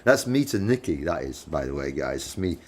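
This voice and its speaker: English guy, deep voice, laughs a lot, chatty and a bit sweary. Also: very animated, fairly quick, a little hiss or hum. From England. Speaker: livestream host. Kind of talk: casual chat with live viewers. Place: living in the United States.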